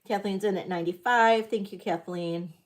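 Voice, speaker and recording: A woman's voice: mid-range voice, steady tone, normal speed. A middle-aged woman hosting a live vintage jewelry auction, talking in a chatty, scattered, self-deprecating way to her viewers. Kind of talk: casual live-stream selling chat.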